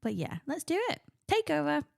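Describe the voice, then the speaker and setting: A woman's voice: sits high, sing-song, a little fast, gravelly, a little mellow, dry recording, studio quality. A British woman co-hosting a podcast in casual chat, chatty and laughing easily. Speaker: podcast co-host.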